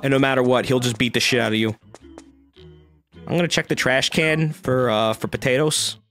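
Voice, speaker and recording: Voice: mid-range voice, fairly even intonation, moderate pace, fairly bright tone, soft background music. A game streamer giving casual, joking play-by-play and reading the game's dialogue aloud, swearing freely. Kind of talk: casual let's-play commentary.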